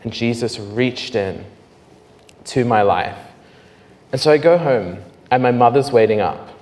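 A man preaching his testimony as a lively storyteller who often drops to hushed, slow tones. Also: mid-range voice. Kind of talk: sermon testimony. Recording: reverberant hall, faint noise.

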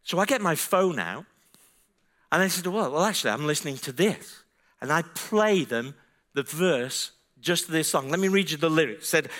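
A man's voice: a little high, big pitch swings, moderate pace, bright, forceful tone. A man preaching a sermon as a pastor, telling a story in a chatty, self-deprecating way and building to fervent emphasis.

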